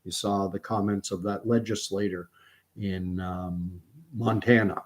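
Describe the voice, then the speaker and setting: A Canadian man with a somewhat low-pitched voice hosts a late-night livestream from his home. He reads aloud from his own writing at an unhurried pace, often pausing on fillers and restarting sentences. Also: fairly even intonation. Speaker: channel host.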